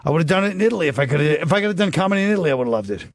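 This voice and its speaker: Rambling American comedian, dry close mic. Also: male voice, on the high side, animated, racing, no room sound. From United States. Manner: rambling storytelling with laughs and restarts. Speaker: comedian guest. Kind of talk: casual comedy podcast chat.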